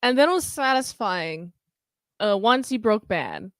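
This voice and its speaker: A woman co-hosting a casual podcast chat, animated and acting out quotes as she talks. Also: medium pitch, unhurried, dry recording, clean studio sound. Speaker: podcast co-host.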